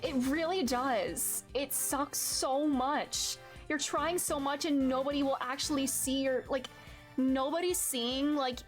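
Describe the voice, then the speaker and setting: A woman streamer chatting casually over gameplay, emotional and exclaiming, swearing freely. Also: high voice.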